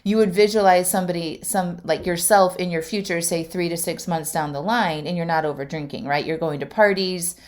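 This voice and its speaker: A woman's voice: lowish voice, fairly quick, few pauses. A middle-aged woman hosting a podcast as a life coach, telling a personal story in a chatty, emotional way with lots of fillers. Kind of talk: casual storytelling monologue.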